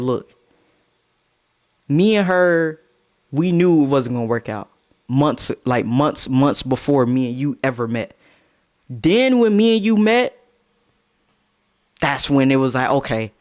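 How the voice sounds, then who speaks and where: A young man telling a casual storytime with slang and swearing, breaking into high-pitched outbursts. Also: moderate pace. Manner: animated, swings into high-pitched outbursts when quoting.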